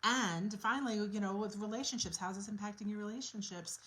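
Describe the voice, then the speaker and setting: A woman coach speaks straight to camera in a casual, unscripted way. She sounds earnest and reflective, working her thoughts out as she goes. Her pitch sits in an ordinary middle range. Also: fast talker, fairly bright tone, low-quality recording. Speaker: quit-smoking coach.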